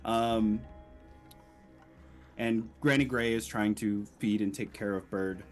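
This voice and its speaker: A man narrating as game master of a tabletop role-playing game in a relaxed way, with lots of ums and uhs. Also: fairly low pitch, slow, soft background music.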